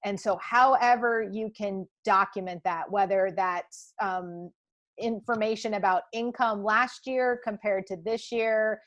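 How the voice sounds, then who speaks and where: A woman's voice: medium pitch, steady tone, unhurried, a bit bright. A young woman presenting a live webinar, answering questions with frequent ums.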